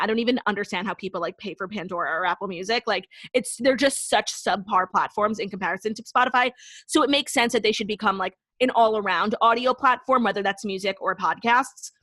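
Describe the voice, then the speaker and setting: A woman's voice: fairly high pitch, a bit bright, no echo. Blunt young woman co-host, dry sound. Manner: blunt and frank, swears, lots of "like". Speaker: podcast co-host. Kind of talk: casual chat.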